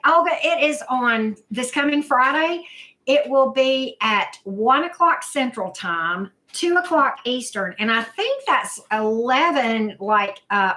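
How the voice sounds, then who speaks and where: A woman's voice: fairly high pitch, bright, forceful tone. A woman hosting a casual live chat, greeting viewers by name, repeating herself with many fillers. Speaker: livestream host, tarot reader.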